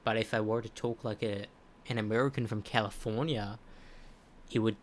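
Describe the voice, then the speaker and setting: A man's voice: fairly low pitch, steady tone, normal speed, a little hiss or hum. Earnest man explaining things. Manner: explains earnestly, full of restarts. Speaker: streamer. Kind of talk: casual chat.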